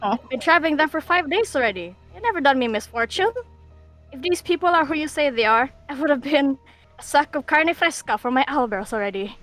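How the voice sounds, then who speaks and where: A woman's voice: high voice, animated, a little fast, a bit bright, faint music behind. A woman voicing a cheery male owlbear rider with a Spanish accent in a tabletop game. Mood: jovial. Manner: breezy, chatty, drops Spanish words.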